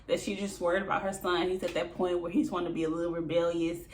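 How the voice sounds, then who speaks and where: A woman's voice: fairly low pitch, level tone, fast. A woman recapping a reality show in a casual, chatty way, laughing often and mimicking the people she quotes.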